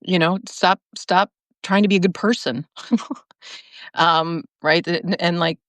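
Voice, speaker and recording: A woman's voice: on the low side, steady tone, unhurried, no echo. A woman hosting a casual livestream, talking in a rambling stream of consciousness with restarts and frequent laughter. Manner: many restarts and fillers. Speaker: podcast host.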